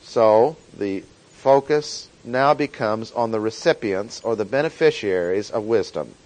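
A man teaching a Bible lesson, reading verses aloud and stressing key words deliberately. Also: lowish voice, darkish tone, low-quality recording.

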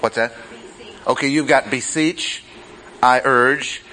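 A man teaching a Bible study class, speaking deliberately and repeating key phrases for emphasis. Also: medium pitch, steady tone, bright, forceful tone, slight background noise, low-quality recording.

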